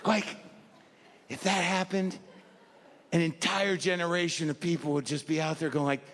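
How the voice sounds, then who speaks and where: A man in his sixties doing a stand-up routine, neurotic and self-deprecating, jumping into high mocking voices. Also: steady tone, moderate pace, noisy background. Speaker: stand-up comedian. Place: large comedy venue with live audience. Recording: roomy stage recording with crowd laughter.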